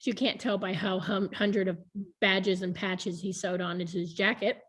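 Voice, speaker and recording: A woman's voice: mid-range voice, flat delivery, normal speed, fairly bright tone, husky. A woman in her thirties chatting frankly about her past on a video call, laughing often. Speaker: board member being interviewed. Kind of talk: casual video call chat.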